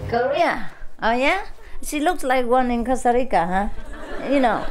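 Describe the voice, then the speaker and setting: Woman, Vietnamese accent, unhurried delivery, teasing, light background hiss. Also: fairly high pitch, expressive. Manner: playful, teasing, laughs often between phrases. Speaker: spiritual teacher speaking to a gathering. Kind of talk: casual talk to a live audience.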